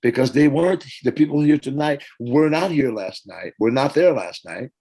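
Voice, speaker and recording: Older man telling animated stories. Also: mid-range voice, moderate pace, poor audio. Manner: animated storyteller, acts out quotes and hums parts. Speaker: interview guest, former band singer. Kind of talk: casual storytelling interview.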